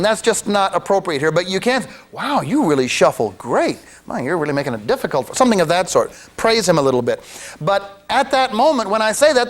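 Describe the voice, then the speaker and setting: A man's voice: high-pitched, fairly bright tone. A man who works as a mentalist, teaching a card routine in a chatty way, with joking asides and frequent restarts. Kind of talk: demonstration lecture.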